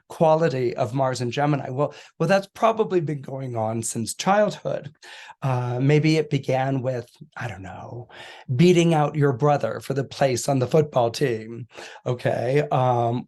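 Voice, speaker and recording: A middle-aged man talking casually about astrology, telling stories with playful quoted voices and laughter. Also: medium pitch. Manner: animated storyteller, acts out quoted voices with laughs. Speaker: astrologer podcast guest. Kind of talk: casual explanatory talk.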